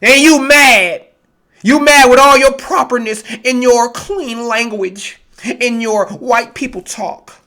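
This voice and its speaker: A man's voice: very high-pitched, slow pace, bright, forceful tone. A man preaching a blunt, profane, confrontational sermon and reading scripture aloud. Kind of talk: street-style sermon, Bible reading.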